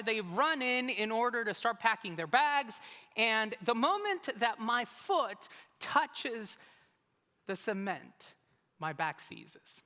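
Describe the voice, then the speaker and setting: Male pastor, animated and humorous preacher, very expressive pitch, echoing sanctuary. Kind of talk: sermon. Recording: long reverb of a large hall.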